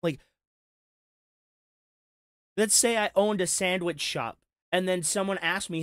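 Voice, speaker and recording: A man's voice: sits high, moderate pace, fairly bright tone, no room sound, studio quality. A man giving heated, profane reaction commentary, talking with sarcasm and frustration. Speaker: commentary streamer.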